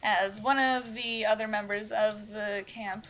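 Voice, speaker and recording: A woman's voice: medium pitch, fairly even intonation, unhurried, a bit bright. A woman narrating a tabletop role-playing game as game master, casual and giggly, with many fillers.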